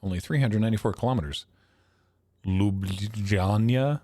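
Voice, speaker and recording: With no room sound, a man's lowish, expressive voice moves at a measured pace broken by long pauses. He's streaming a geography guessing game, reasoning aloud in casual commentary while chuckling and making fun of his guesses.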